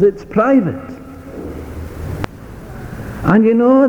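A man's voice: high voice, slight background noise. A male preacher delivering an emphatic sermon, repeating key phrases for stress. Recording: dull lo-fi sermon tape with long hall reverb.

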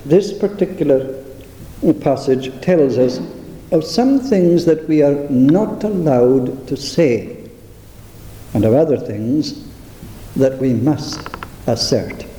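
Man, preacher, very dark mellow voice, measured and deliberate, echoey hall. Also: fairly high pitch, animated, slight background noise. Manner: measured, deliberate, with emphatic slowed phrases. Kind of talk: sermon.

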